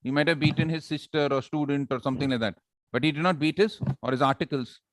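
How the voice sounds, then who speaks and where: A man presents a public speaking workshop live, quizzing the audience and demonstrating in a lively, playful way. His voice is a little high and quick, recorded without echo.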